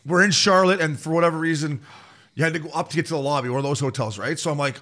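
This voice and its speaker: A podcast co-host, a man who spins stories in loose, profane banter and laughs his way through them. His voice sits on the high side for a man. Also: rapid-fire, pushed and bright. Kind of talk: casual storytelling chat.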